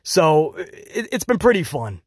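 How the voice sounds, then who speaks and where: A man reviewing a wrestling show in casual solo commentary, animated and jokey, slipping into quick mocking impressions. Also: a little high, slightly rough, no echo, studio quality.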